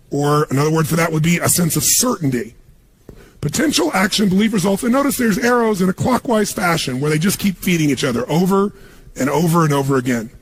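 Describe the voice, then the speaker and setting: A man giving a motivational seminar talk on stage, energetic and punchy, firing questions at a live audience. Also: sits high, slightly rough. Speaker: motivational speaker.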